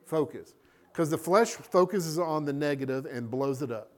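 A man preaching a sermon as a pastor, animated and acting out little scenes. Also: fairly high pitch, normal speed.

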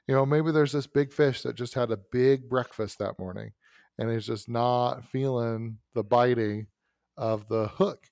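In a creaky, slightly mellow mid-range voice, this podcast host tells a lengthy personal story during a casual chat. The studio-quality audio has no echo. His storytelling meanders with asides, restarts, and self-corrections.

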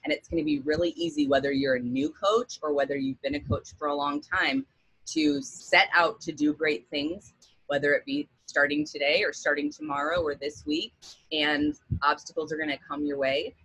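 A woman with a rough morning voice giving an earnest, encouraging pep talk on a coaching call. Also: deep voice, moderate pace, dry recording, low-quality recording. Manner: earnest and encouraging, steady build to emphasis.

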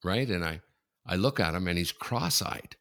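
A man's voice: sits low, normal speed, creaky. A man from Canada co-hosting a casual chat show, telling anecdotes with lots of laughter. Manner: animated storyteller, laughs through anecdotes. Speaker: podcast co-host.

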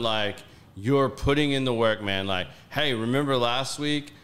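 Man, podcast host, casual chat, profane, animated storytelling, medium pitch. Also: measured pace.

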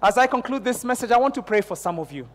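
A man's voice: extremely high pitch, lively intonation, quick pace, big-room sound. A man preaching a sermon to a church congregation, telling a personal story and building into fervent prayer. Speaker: pastor.

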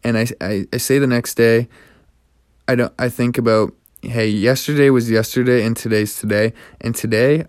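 Speaking in a lowish, somewhat dark voice, the young podcast host delivers an earnest, encouraging monologue about his own reflections, often starting sentences over. The audio is clean studio quality without any room sound.

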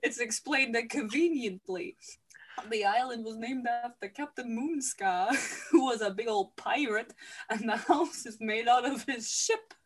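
Higher-pitched female host, giggly comic storyteller who swears casually. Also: unhurried, slightly rough. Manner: chatty, laughs often, swears casually. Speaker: podcast host. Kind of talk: comedic movie recap.

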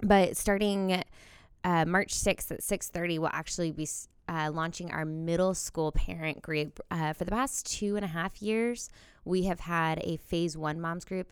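A woman's voice: sits low, clean tone, dry recording. A woman co-hosting a parenting podcast, chatting casually and laughing easily at family stories. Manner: lively, laughs easily, tells family anecdotes. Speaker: podcast co-host.

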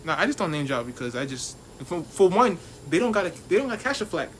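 Fast-talking joking young man. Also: sits high, big pitch swings, a bit bright, slight background noise. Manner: fast, joking, slangy, laughs often. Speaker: podcast co-host. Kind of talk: casual chat.

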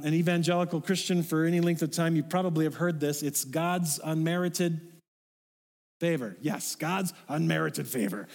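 A middle-aged man preaching a sermon in a casual, folksy way, with asides to the congregation. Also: high-pitched. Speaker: pastor. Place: church sanctuary. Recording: long hall reverb.

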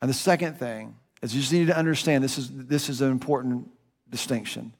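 A pastor delivers a sermon in an easy, conversational way, talking like he's telling a story. His voice sits at an everyday middle pitch, and it climbs high for emphasis then drops low and quiet. The sound carries a long reverb, like a big sanctuary. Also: brisk. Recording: long reverb of a large room.

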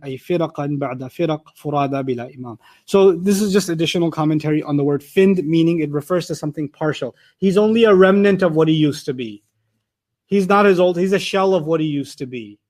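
Male Quran teacher, high voice, rapid delivery, reads Arabic terms and glosses them for students. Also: darkish tone. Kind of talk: explanatory lecture.

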